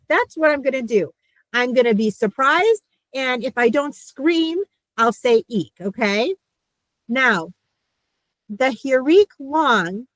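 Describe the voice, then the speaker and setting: Lively woman teaching a class. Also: high voice, no echo, poor audio. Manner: lively, playful, animated. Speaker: Hebrew teacher. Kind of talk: online lesson.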